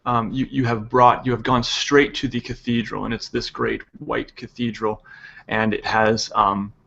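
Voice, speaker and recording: A man narrating as game master of a tabletop game, halting with many pauses and fillers. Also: medium pitch, flat delivery, vocal fry, bright, forceful tone, dull audio.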